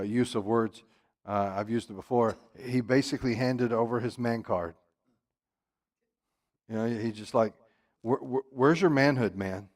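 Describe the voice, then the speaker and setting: A man leading a church Bible study, emphatic, jumping from loud exclamations to quiet asides. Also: on the low side.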